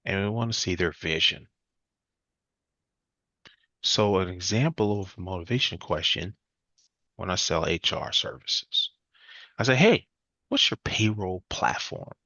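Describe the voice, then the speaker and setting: A man teaching a live sales class, acting out lively client conversations as examples. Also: a little slow, gravelly, pauses often, dry recording, lo-fi sound. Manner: energetic, acts out client dialogue with jumps in pitch. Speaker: sales trainer.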